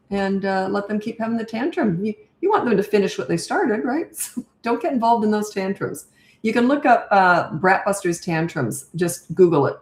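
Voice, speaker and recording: An older woman, a parenting coach, answering viewer questions in a chatty, direct way. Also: mid-range voice. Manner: chatty and direct, reads comments aloud. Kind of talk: live Q&A answering viewer comments. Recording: echoey room.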